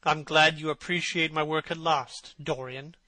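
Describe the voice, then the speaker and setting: An earnest, devoted painter, voiced by a male reader, grave and sincere in a bright, fairly high voice. The recording is dry and close. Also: fairly even intonation, normal speed, dry recording, poor audio. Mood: bitter.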